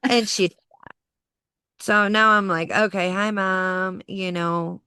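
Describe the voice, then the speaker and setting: A woman in her forties telling a personal story as a podcast guest, animated and acting out the voices of others. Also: mid-range voice, takes it slowly, clear, resonant tone, no room sound, studio quality. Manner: animated, acts out quoted voices, laughs through the story. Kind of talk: personal storytelling in casual conversation.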